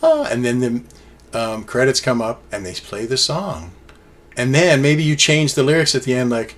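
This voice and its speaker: A man's voice: mid-range voice, animated, moderate pace. A man casually reviewing an album on his own, rambling enthusiastically with many fillers and restarts. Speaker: music reviewer.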